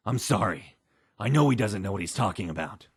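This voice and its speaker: A man's voice: fairly low pitch, lively intonation, moderate pace, dry recording, studio quality. A man voicing a blunt, weary male ghoul survivor in a video game. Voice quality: gravelly, raspy. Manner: blunt and plain-spoken.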